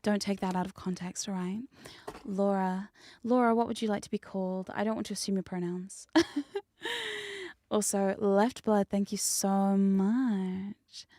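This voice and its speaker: A woman streaming hypnosis content, chatting casually and teasingly with her live chat, sometimes dropping into soft whispers. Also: medium pitch, fairly even intonation, normal speed, long pauses, no room sound, studio quality. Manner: playful, teasing, rambling, drops into soft whispers. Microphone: studio condenser mic.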